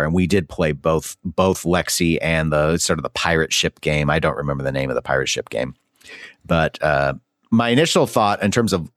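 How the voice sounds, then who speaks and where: A man's voice: low voice, dry recording, clean studio sound. A man co-hosting a podcast, chatting casually and reviewing games, thinking aloud as he goes. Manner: conversational, thinks aloud with restarts. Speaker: podcast co-host.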